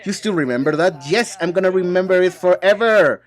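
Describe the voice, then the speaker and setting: A man's voice: high-pitched, a little fast. A man voicing an English dub of reality-show banter alone, sassy and bickering as he switches between several speakers. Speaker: translator dubbing a reality show.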